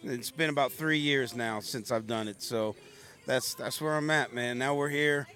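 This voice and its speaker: A man from Barbados, a chef, talking about his food in a relaxed way, repeating words as he thinks. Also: mid-range voice, normal speed. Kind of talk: casual interview answers.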